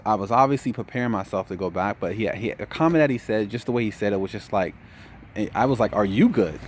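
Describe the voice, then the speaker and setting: A tired young man telling a story in a casual vlog update, relaxed, saying "man" a lot. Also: on the low side, slight background noise. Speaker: trucking vlogger.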